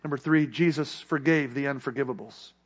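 A man's voice: medium pitch, a little fast. A man preaching a sermon, telling a story in an earnest voice that rises with the tension and drops when he gets to the lesson. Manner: earnest, rising then hushed.

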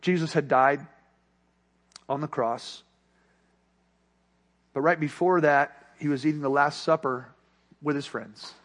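A man's voice: fairly high pitch, steady tone, slow, pauses often. A man preaching a sermon, telling a story in an earnest voice that rises with the tension and drops when he gets to the lesson. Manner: earnest, rising then hushed.

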